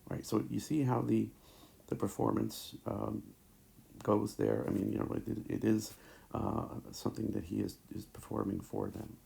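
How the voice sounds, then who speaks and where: A man teaching a recorded lecture over slides, talking haltingly with many fillers and restarts, into a tablet mic. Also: fairly low pitch, flat delivery, creaky, warm tone.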